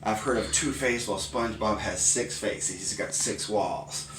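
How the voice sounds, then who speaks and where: Man teaching math with loud karate grunts. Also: fairly low pitch, a little slow, few pauses, slight background noise. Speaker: math and writing consultant. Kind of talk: demonstrating a math teaching routine. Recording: roomy sound, mic at a distance.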